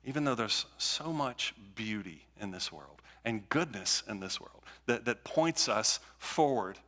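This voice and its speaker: A man's voice: on the low side, expressive, measured pace, bright, forceful tone. A male pastor preaching a conversational sermon, repeating phrases and restarting as he builds his points. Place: church sanctuary. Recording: long church hall reverb.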